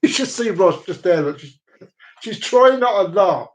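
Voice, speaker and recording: Host, male, high-pitched voice, chatty and rambling, cracking corny jokes on a home live stream. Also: animated, moderate pace, poor audio. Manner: jokey, rambling, repeats himself. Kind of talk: casual live-stream chat. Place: downstairs room at home with dogs.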